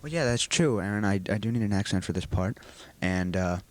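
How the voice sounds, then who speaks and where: Low-voiced teenage boy explaining at length. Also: expressive, brisk. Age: teens. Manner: earnest, rambling explanations. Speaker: student actor being interviewed. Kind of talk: school video interview.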